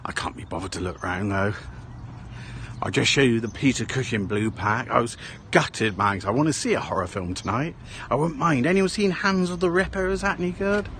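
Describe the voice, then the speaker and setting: A vlogger rambles casually as he walks a small town outdoors, regularly tacking "eh?" onto his remarks. His medium-pitched voice is fairly bright and a little fast, with slight noise in the background.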